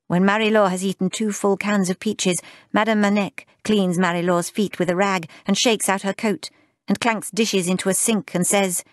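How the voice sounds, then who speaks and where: A woman narrating a literary audiobook in a measured, lyrical, unhurried way. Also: medium pitch, steady tone, no echo, clean studio sound.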